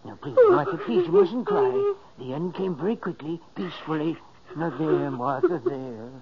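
An actor playing a gentle man consoling someone in a 1940s radio play. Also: extremely high pitch, huge pitch swings, moderate pace, vocal fry, lo-fi sound, exaggerated voice. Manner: soothing, pleading. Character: caring adult man, gentle, soothing. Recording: scratchy noisy old radio recording.

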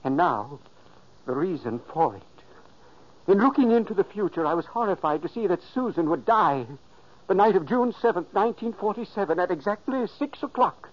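A man's voice: high-pitched, expressive, moderate pace. An actor playing the ghost of an elderly man, narrating solemnly in a 1940s radio play. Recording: dull old radio recording.

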